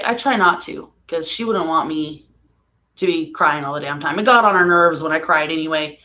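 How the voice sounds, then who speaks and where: A woman talking casually on a home live stream about a painful loss, emotional and soft-spoken, laughing through sadness at times. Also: on the low side. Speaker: vlogger.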